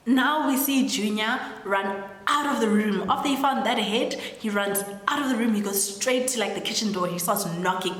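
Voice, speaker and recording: A woman's voice: medium pitch, normal speed, fairly bright tone. A young woman casually retelling a horror story, chatty and full of filler words, now and then acting out the characters' lines. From South Africa. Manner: chatty, lots of "like" fillers, acts out quoted lines. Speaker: storytelling creator. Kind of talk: casual plot recap. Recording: echoey room with long reverb.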